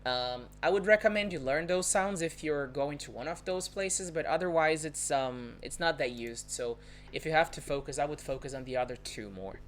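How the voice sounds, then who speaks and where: On a live stream captured by phone or webcam, a woman with a Brazilian Portuguese accent patiently teaches a language lesson, explaining and repeating example words. Her voice is deep and moderately paced, with a little hiss or hum.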